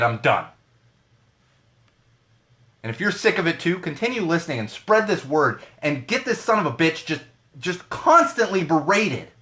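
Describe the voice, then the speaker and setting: A man's voice: fairly high pitch, bright, forceful tone. A man hosting a podcast live stream, ranting about the news in a profane, heated way and repeating phrases for emphasis. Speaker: podcast host. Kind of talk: solo live-stream rant. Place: small home studio.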